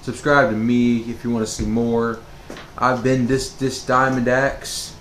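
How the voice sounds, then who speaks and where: A man speaking at a slow, unhurried pace, meandering through a personal story with plenty of "um"s and restarts. His voice rings out in a roomy, echoey space over a faint hum of background noise. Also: medium pitch, level tone, fairly bright tone. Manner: rambling, with many fillers and restarts. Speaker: vlogger. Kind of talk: storytime monologue.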